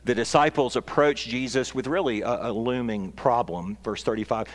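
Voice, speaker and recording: A man's voice: mid-range voice, normal speed, few pauses. A man preaching a sermon as pastor, earnest and building to emphatic peaks. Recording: long reverb of a large hall.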